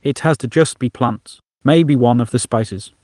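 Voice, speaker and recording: A man's voice: medium pitch, measured pace, a little mellow, no room sound, studio quality, natural voice. A man voicing an earnest human cook who frets and worries. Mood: anxious. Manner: earnest, flustered.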